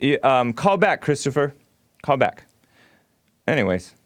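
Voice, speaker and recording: Man hosting a call-in radio show, blunt and pushy with callers, mid pitch, dry close mic. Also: sing-song, measured pace, no echo. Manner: blunt, provocative, laughs often. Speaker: radio talk show host.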